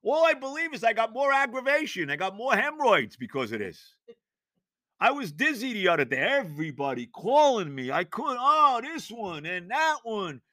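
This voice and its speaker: An older man, hosting a sports podcast and ranting in exasperation with loud, theatrical outbursts. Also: high voice, very animated, brisk, no echo, studio quality. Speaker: podcast host. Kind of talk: sports rant.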